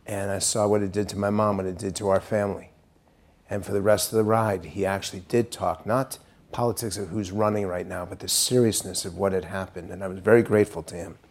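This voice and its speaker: A middle-aged American man giving a speech to a university audience, telling a story in an earnest way and dropping quiet and grave at serious points. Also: fairly low pitch. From United States. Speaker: pollster giving a talk.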